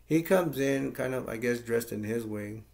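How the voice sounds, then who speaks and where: A man's voice: medium pitch, normal speed, vocal fry, a little mellow. A man casually recapping a movie plot in a rambling, plain-spoken way with lots of fillers. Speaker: movie reviewer.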